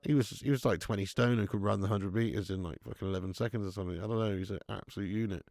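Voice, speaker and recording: Creaky-voiced lad hosting a watch-along. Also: male voice, fairly low pitch, very fast, darkish tone, dry recording, studio quality. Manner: casual, chatty, banters with viewers, swears. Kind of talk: live football watch-along commentary and chat reading.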